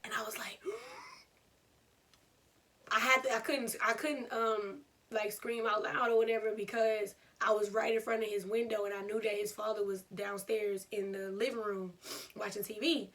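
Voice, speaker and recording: Young woman w/ telling a story, bright voice, kinda animated, a little distant from the mic. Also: mid-range voice, normal speed. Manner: animated, laughing storytelling with acted-out quotes. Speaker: vlogger. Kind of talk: storytime vlog.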